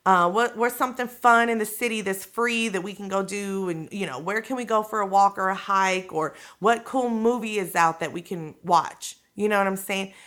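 Hosting her own podcast, a woman speaks at a moderate pace with few pauses in a mid-range, fairly bright voice. Her motivational talk is casual, slangy, and direct, coaxing listeners along with check-ins like "okay?" and "you know what I'm saying?"

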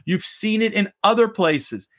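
A man's voice: sits high, animated, a little slow, fairly bright tone. A man from Canada, co-hosting a heated debate, ranting passionately and swearing. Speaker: co-host.

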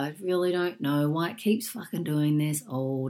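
A woman's voice: low voice, moderate pace, hardly any pauses, darkish tone, faint music behind. An Australian woman in her forties, sick with a chesty cough, hosting her podcast in a chatty, upbeat way with plenty of fillers. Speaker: podcast host and coach. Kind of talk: casual solo podcast chat.

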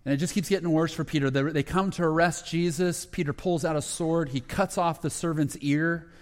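A pastor telling a Bible story as a sermon, acting out the quoted lines and growing hushed at the tender moments. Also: male voice, fairly high pitch, steady tone, a little fast. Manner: retells scripture with quoted dialogue, dropping to a hushed voice at emotional moments. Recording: long hall reverb.

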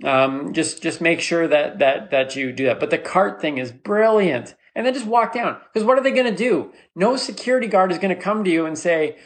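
A man hosting a comedy podcast, telling a rambling story in an animated, mock-rallying way, jumping into a squeaky high voice for the people he quotes. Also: moderate pace, hardly any pauses. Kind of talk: solo comedic monologue.

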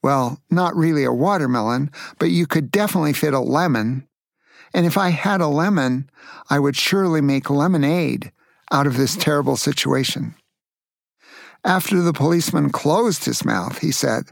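A man's voice: fairly high pitch, normal speed, vocal fry, dry recording, clean studio sound. An older man from Tacoma, Washington, telling a family story to grandchildren in a playful way, asking the listener questions. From Tacoma, Washington, USA.

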